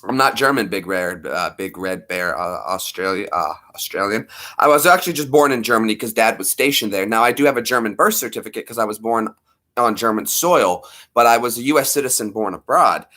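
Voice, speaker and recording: A man's voice: on the low side, lively intonation, a little fast, bright, forceful tone. A man in his thirties hosting a casual livestream, rambling playfully and talking to viewers by name. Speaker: livestream host.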